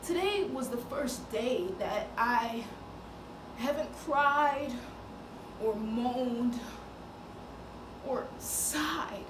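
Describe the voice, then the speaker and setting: Woman telling her girlfriend a wild story, high voice, slow, echoey room with noise behind. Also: animated, recorded from a distance. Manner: confiding, slow, emotional storytelling. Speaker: actress performing a monologue. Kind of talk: theatrical monologue.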